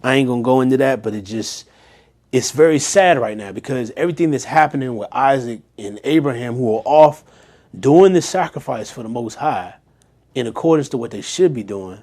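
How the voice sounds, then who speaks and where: A man's voice: mid-range voice, expressive, brisk, a little mellow. A man leading a Bible study, reading scripture aloud and breaking off into casual, slangy commentary and pointed questions to his listeners. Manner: direct, rhetorical questions to listeners.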